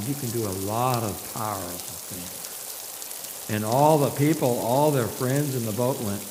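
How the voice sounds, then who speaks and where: An animated storyteller leading a children's message, coaxing the kids to repeat lines. The delivery is slow and deliberate, carried in a large echoing sanctuary with steady noise behind it. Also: mid-range voice. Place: church sanctuary. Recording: echoey hall with loud background hiss.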